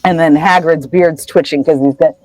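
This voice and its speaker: A podcast co-host casually retelling a book chapter, acting out the characters' lines with lively energy. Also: mid-range voice, normal speed, slight background noise, low-quality recording. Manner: animated storyteller acting out quotes.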